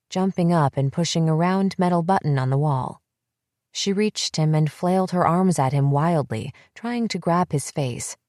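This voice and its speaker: A woman reading a psychological thriller audiobook in steady, measured first-person narration. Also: deep voice, no echo, clean studio sound.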